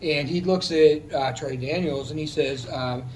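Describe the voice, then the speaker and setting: A man's voice: fairly high pitch, moderate pace, darkish tone, slight background noise, low-quality recording. A man, a military veteran, telling a personal story in a casual, heartfelt, rambling way, with many restarts.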